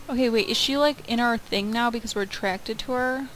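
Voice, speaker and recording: A woman giving casual, excitable commentary while playing a life-sim game, breaking into loud outbursts. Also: a little high, fairly quick, a little hiss or hum, rough recording. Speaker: let's play gamer.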